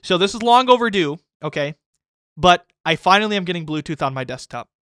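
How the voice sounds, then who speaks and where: A man's voice: high-pitched, lively intonation, brisk, a bit bright, clean tone, no room sound, clean studio sound. A man in his twenties hosting a casual podcast chat, rambling and swearing heavily as he gets worked up. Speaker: podcast host.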